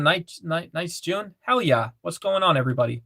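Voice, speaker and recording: A man's voice: fairly high pitch, expressive, moderate pace, vocal fry, sharp tone, no room sound. A man casually chatting on a livestream, reading chat messages aloud and repeating phrases, with lots of fillers.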